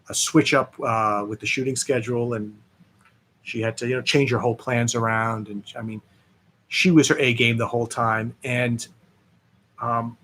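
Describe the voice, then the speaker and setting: A man, a film director, chatting as a guest and telling lively anecdotes with many fillers. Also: mid-range voice. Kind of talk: interview storytelling.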